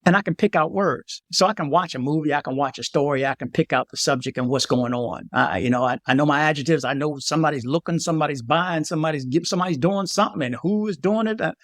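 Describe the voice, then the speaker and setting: Man, casual vlog monologue, emphatic warnings, slightly high voice, dry close mic. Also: fast, hardly any pauses, no echo. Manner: emphatic, repeats warnings, animated asides. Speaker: travel vlogger.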